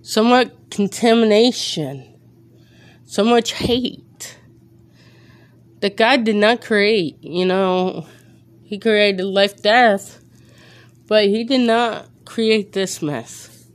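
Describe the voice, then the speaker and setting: A woman hosting a faith podcast, out of breath, talking in an earnest, preacherly way with halting pauses and fillers. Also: mid-range voice. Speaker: podcast host. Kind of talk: faith podcast monologue with prayer.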